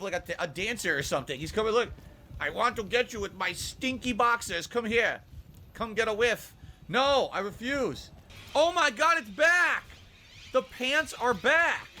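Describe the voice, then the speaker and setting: A man's voice: high voice, bright, forceful tone, slight background noise. A man streaming a video game, commentating live and ranting profanely at bugs and glitches. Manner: profane, easily angered ranting.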